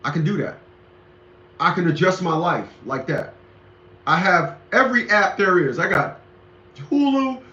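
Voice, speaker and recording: A man's voice: sits high, pushed and bright. A middle-aged man hosting a commentary show, lecturing emphatically and repeating himself in a casual monologue. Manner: emphatic, repetitive, preachy. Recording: echoey lo-fi room recording.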